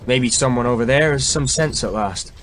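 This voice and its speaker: A man's voice: medium pitch, normal speed, a bit bright, slight background noise, lightly acted. Man reading as a seasoned old knight, dry, plain spoken, audiobook.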